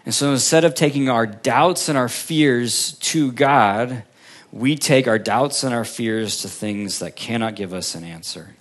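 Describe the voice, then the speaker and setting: A pastor preaching to his congregation at a mid-range pitch, posing questions and answering them himself. He swings from lifted, emphatic phrases down to soft, trailing endings, with unhurried pauses between thoughts. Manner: preaching with strong rises and falls, long pauses, drops to near quiet at line ends. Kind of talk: sermon.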